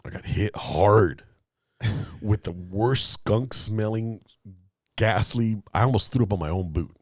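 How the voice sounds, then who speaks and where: Slow and lowish, this podcast co-host's voice comes through clean studio sound with no room sound. He's animated and profane as he tells a casual story, acting out what other people said.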